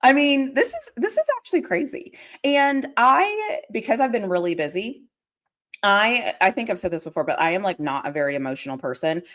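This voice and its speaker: A young woman chatting casually on her livestream. Her voice swings widely in pitch, jumping up into excited squeals as she greets viewers. The talk is loose and rambling, full of fillers. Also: brisk. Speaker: livestream host.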